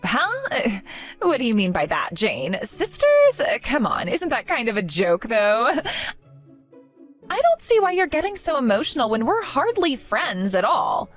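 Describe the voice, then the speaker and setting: Mean fake friend in a cartoon story, high-ish voice, swoops a lot when she mocks. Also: wildly swooping pitch, unhurried, faint music behind. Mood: mocking. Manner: mocking, condescending. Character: spiteful young woman, scornful fake friend. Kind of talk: animated story voice acting.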